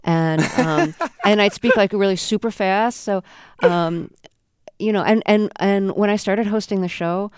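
A woman hosting a radio interview, giving measured, clear introductions and questions. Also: medium pitch, a little mellow, no room sound, studio quality.

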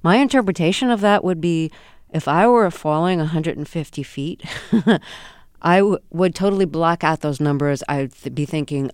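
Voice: mid-range voice, moderate pace, darkish tone, smooth, dry recording, clean studio sound. An interviewer host asking curious questions and laughing easily.

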